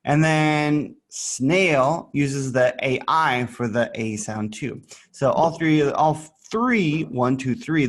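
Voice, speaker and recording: A man teaching a child English in an online lesson, patient and playful, repeating words for the child to echo and adding little sound effects. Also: medium pitch. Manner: playful, adds sound effects while showing pictures.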